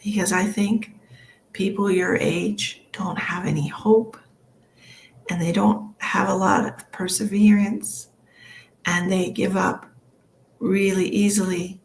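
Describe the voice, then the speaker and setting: Woman psychic, livestream reading. Slow, emotional and earnest, a bit of fry, faint hum behind. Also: mid-range voice, level tone. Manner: rambling with many fillers. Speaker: psychic medium. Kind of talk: live-streamed psychic reading. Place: home livestream.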